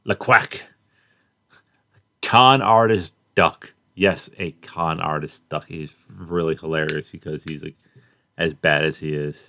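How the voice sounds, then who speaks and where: A young man giving a casual, rambling spoken review of a cartoon, halting often and filling gaps with "like" and "uh.". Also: rumbling low, pushed and bright, no room sound. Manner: rambling, halting, many fillers and restarts.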